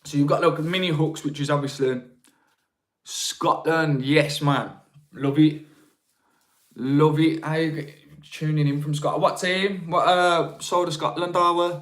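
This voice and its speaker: He speaks at a measured pace in a steady, slightly high and somewhat bright voice. The young man is hosting a live stream about marketing, chatting loosely, reading the chat and welcoming viewers in between topics.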